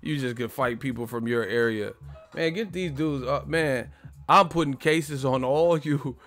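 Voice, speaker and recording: A man's voice: medium pitch, a little slow, faint music behind. Profane man ranting about boxing. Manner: profane, mocking, loud outbursts and sing-song impressions. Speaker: boxing commentator. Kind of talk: casual ranting commentary.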